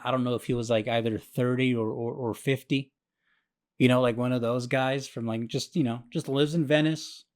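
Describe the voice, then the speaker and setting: Rambling, foul-mouthed podcast host. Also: male voice, mid-range voice. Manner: rambling, profane, self-mocking. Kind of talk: casual storytelling monologue.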